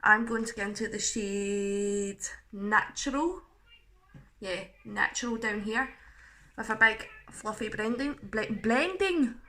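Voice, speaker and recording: A woman's voice: medium pitch, fairly even intonation, takes it slowly, sharp tone. A young woman chatting casually through a makeup tutorial, self-mocking and chatty, with the odd swear. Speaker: makeup vlogger.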